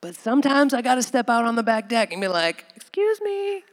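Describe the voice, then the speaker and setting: A man preaching as pastor gives a conversational sermon, chuckling often and building up to loud, animated bursts. His voice is very high-pitched, he talks fast, and the sound is that of a big room.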